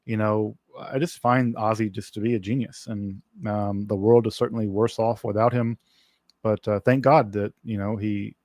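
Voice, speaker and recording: A man's voice: lowish voice, dry recording. A man hosting a casual livestream Q&A, rambling with many fillers and restarts. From working-class background. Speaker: livestream host.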